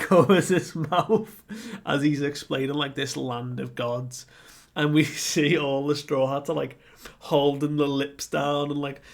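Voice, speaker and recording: A man casually recapping a manga chapter, animated and often laughing, with lots of fillers. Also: on the high side. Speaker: manga reviewer. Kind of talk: casual recap with acted quotes.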